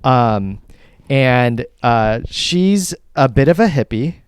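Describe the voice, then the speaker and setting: A man's voice: medium pitch, slow pace, clear, resonant tone, no echo. Man, podcast co-host, rambling casual delivery, worn-out, dry close mic. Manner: animated, swearing, rambling storyteller. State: tired. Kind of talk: casual chat. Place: home studio.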